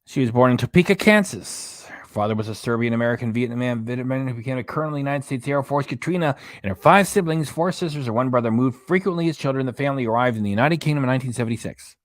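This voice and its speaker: A man's voice: medium pitch, quick pace, hardly any pauses, no room sound. Guy chatting on a livestream, reads out chat comments, rambly, dry close mic. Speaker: host of a reaction livestream. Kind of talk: casual livestream chat, reading viewer comments.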